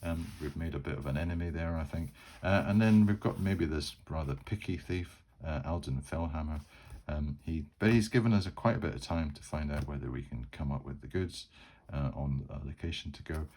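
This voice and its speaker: A man's voice: extremely low pitch, a little fast, dark tone. A man hosting his channel, narrating a solo tabletop game in a casual, rambling way with many fillers and restarts.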